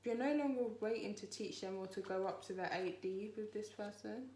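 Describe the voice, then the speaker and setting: A woman's voice: medium pitch, a little fast, dark tone. A woman giving a spiritual tarot reading to her viewers in a chatty, rambling, reassuring way. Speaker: tarot reader. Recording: echoey room.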